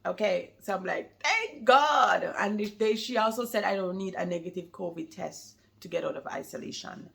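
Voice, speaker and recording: A woman's voice: fairly low pitch, steady tone, brisk, vocal fry, few pauses. A woman chatting casually to camera about being a new mother, rambling and laughing often, with a slight lingering cold.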